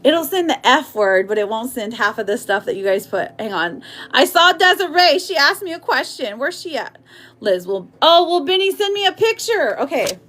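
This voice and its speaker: A woman's voice: high voice, sing-song, moderate pace, a bit bright. Giggly, affectionate woman doing live tarot. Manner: giggly, affectionate, chatty, reads viewer comments aloud. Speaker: tarot reader. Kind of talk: live-streamed tarot reading.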